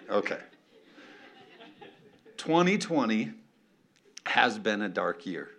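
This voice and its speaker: A man preaching a sermon as a pastor, animated and playful, often calling out for an amen from the congregation. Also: fairly low pitch, drawn-out words. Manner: animated, playful, calls for amens.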